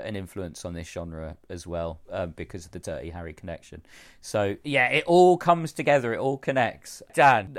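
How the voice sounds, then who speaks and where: Lower-voiced man, chatty film talk. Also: dry recording, clean studio sound. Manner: chatty, hesitant, many fillers. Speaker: podcast co-host. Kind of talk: casual chat about films.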